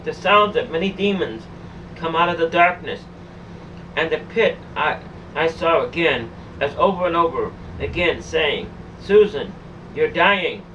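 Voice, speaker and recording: A woman telling a harrowing personal story in the first person, in a halting way that keeps repeating and restarting phrases. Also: low-pitched, sharp tone. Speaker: storyteller recounting a personal ordeal. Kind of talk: emotional first-person testimony. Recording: dull distant recording with faint hum.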